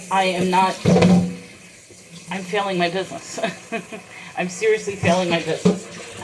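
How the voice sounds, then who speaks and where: Woman vlogger, low voice, tearful confessional rant, home kitchen, dishes and water running behind. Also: noisy background. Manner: tearful, fighting back crying. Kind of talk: emotional personal vlog rant.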